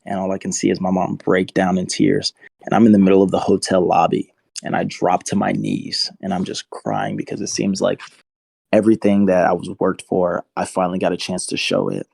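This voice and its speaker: A man's voice: sits low, level tone, a little fast, creaky, darkish tone, dry recording. A man in his twenties, a football player and interview guest, telling his story in an earnest, emotional way. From United States. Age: 20s.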